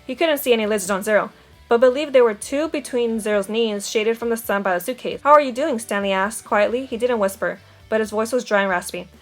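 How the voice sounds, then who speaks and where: A woman's voice: medium pitch, a little fast, faint music behind. A woman reading a novel aloud, giving the dialogue light character voices. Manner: steady storytelling with quoted dialogue. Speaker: audiobook reader.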